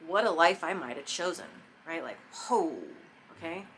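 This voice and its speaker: A woman talks straight to camera in a casual, profane self-help monologue, emphatic and spontaneous. Her voice sits low for a woman but sounds bright and forceful. A faint room ambience stays behind her. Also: lively intonation, normal speed, slight background noise. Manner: profane, emphatic, spontaneous, drops into soft mock whispers. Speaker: spiritual self-help vlogger.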